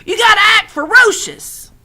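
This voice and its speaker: Woman putting on a loud bossy old country woman. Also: very high-pitched, animated, moderate pace, voice pushed up, heavily acted.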